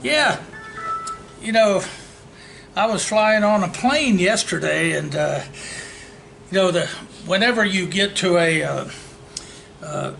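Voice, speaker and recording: A man's voice: high-pitched, lively intonation, slow pace, gravelly, long pauses, a bit bright, soft background music. A man, a real estate trainer telling jokes and stories to a seminar audience. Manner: storytelling, jokey, talks to the room. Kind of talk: joke-filled seminar talk. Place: meeting room. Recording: echoey meeting room, faint ambience.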